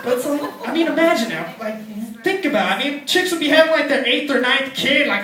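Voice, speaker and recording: A young man in his twenties doing a crude, rambling stand-up routine in a comedy club, often slipping into squeaky put-on voices. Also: fairly quick, few pauses. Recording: echoey club with loud crowd, distant mic.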